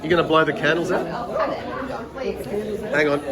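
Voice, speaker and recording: A man's voice: fairly high pitch, level tone, moderate pace. A man filming a family birthday party on his phone, cracking jokes and leading the group in song. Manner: jokey, leads the group singing. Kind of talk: casual joking chat while filming. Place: busy pub function room, indoors. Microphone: phone camera held by the speaker. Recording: phone video in a loud crowded pub. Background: loud party crowd.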